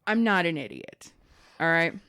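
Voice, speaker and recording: A woman with a clean, lowish voice speaks at normal speed while co-hosting a podcast. She chats casually and tells an animated story, acting out the characters' lines in different voices.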